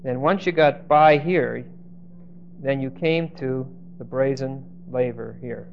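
A man teaching a Bible study class, stressing key words by slowing down and often hesitating or restarting phrases. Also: medium pitch, creaky, a little hiss or hum. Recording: dull lo-fi recording.

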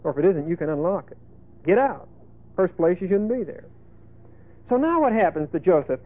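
A male preacher giving a folksy sermon, emphatic, with sudden loud bursts and asides. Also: sits high, lively intonation, brisk. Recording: tinny phone-like lo-fi sermon tape.

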